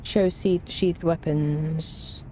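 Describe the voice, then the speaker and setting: A woman's voice: low voice, fairly even intonation, very slow, darkish tone, slight background noise. A woman giving casual, wry commentary while playing a game and chatting to her cat. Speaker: gaming streamer.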